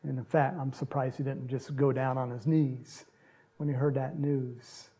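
Husky gravelly male preacher. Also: mid-range voice, normal speed. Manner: animated storytelling, acts out quotes, laughs often. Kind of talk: sermon retelling a gospel story.

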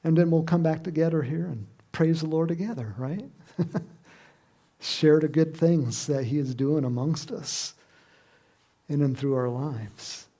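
Male pastor, lively sermon delivery, raspy fry in the voice, acts out scenes. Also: fairly high pitch, measured pace. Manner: lively, acts out quoted voices with sudden loud cries and laughs.

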